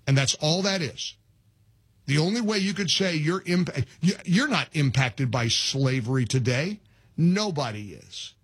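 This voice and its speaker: Talk radio guy, kinda husky, a bit high, bone dry studio sound, repeats himself a lot. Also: no room sound. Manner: animated, repeats words, quick laughs. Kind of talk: talk radio with live ad reads.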